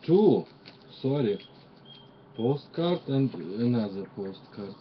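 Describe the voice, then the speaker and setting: A man speaks slowly and haltingly in a lowish voice, naming each gift as he unboxes it and filling his pauses with "uh". The sound is dull and lo-fi, with a faint outdoor hum of birds and insects behind him. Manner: halting, pauses with many "uh" fillers while naming items. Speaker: crafter showing gifts. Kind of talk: unboxing show-and-tell.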